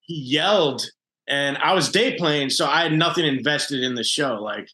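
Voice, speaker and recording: A man's voice: on the high side, normal speed, pushed and bright. A man co-hosting a podcast, chatting bluntly with joking bravado. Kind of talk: casual chat.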